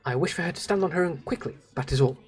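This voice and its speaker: A streamer voicing a cold, possessive young woman officer from a game, hushed and icily polite. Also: fast talker, natural voice. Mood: disdainful. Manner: low, hushed and icily polite, sometimes whispered. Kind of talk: reading game dialogue aloud on a livestream.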